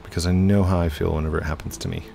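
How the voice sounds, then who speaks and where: A man's voice: low voice, flat delivery, racing, creaky, mellow, soft background music. A man hosting casual let's-play commentary at his home computer, chatting to viewers and narrating his own moves. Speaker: gaming channel host.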